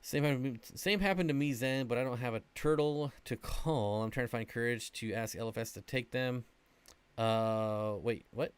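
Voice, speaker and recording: A man's voice: medium pitch, moderate pace, smooth, no echo. A man hosting an aquarium livestream, chatting casually and answering viewer questions, rambling with lots of fillers. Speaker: aquarium channel host.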